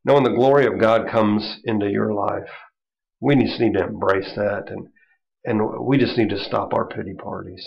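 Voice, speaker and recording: A man teaching a Bible study in a loose, conversational style, with many asides and light chuckles. His voice is gravelly, and the recording sounds dull and lo-fi. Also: lowish voice, steady tone, normal speed. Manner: conversational, chuckling, lots of "you know". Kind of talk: informal Bible lesson.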